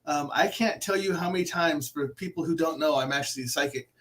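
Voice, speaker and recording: A man hosting a podcast, chatting excitedly, often laughing and restarting his sentences. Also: fairly high pitch, a little fast. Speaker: podcast host. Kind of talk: casual conversation.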